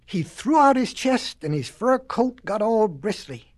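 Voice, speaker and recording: A woman reading a children's storybook aloud, her pitch rising and falling in a very lively way. Her telling is folksy and expressive. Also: a little slow.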